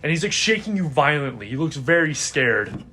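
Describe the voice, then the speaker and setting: A man with a fairly high voice runs a tabletop role-playing game as game master. He narrates scenes in a relaxed, chatty way, full of "like" and "uh". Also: moderate pace, a little hiss or hum. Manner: casual, many fillers, laughs often.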